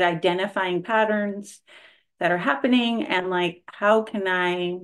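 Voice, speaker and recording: A woman in her forties from California, a nurse and spiritual practitioner, chatting as a guest on a video call with an effusive, grateful manner full of fillers. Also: on the low side. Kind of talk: casual chat on a video call.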